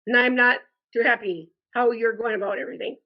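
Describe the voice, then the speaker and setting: A frustrated woman delivering an indignant complaint monologue, speaking deliberately and calling her listeners "folks". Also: a little high, fairly even intonation, lo-fi sound. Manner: slow, deliberate and indignant, addresses viewers as "folks". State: frustrated and angry. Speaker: customer posting a complaint review.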